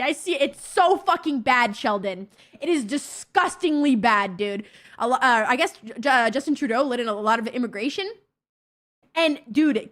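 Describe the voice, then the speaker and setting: A young woman streamer chatting casually with her viewers, blunt, excitable and swearing constantly. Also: sits high. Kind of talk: casual livestream chat with viewers.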